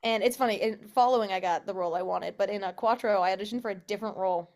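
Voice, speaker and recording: Interviewed as a guest, a young actress talks in a chatty way full of laughter, with a loose "like" habit and the occasional swear word. She speaks very fast in a mid-range, slightly mellow voice.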